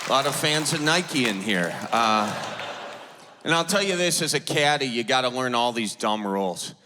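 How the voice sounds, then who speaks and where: On a large theater stage before an audience, a Midwestern American man with an Upper Midwest accent performs stand-up in an animated, mid-range voice at a moderate pace. Self-deprecating, he acts out characters in dialogue, amid big-room sound, crowd noise, and background noise.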